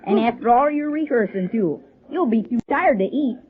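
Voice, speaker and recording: A woman's voice: a little high, animated, moderate pace, lightly acted. A woman playing an eager, hungry young boy. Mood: boyish. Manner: eager, boyish slang. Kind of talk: 1940s radio acting. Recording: narrow phone-like old radio sound.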